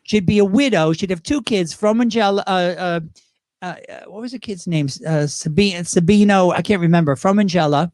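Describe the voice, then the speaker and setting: A man from Great Britain chats as an interview guest, telling lively stories and breaking into quick impressions. His voice sits high and the sound is close and dry. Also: no echo. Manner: animated, quick impressions, laughs while talking. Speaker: drag performer guest. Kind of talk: casual interview storytelling.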